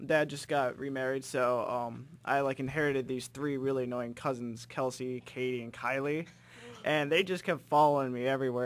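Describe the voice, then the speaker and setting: A young man with an ordinary mid-range voice tells a family story on a casual radio show. He hesitates often and leans on fillers. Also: mid-range voice. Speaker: show regular.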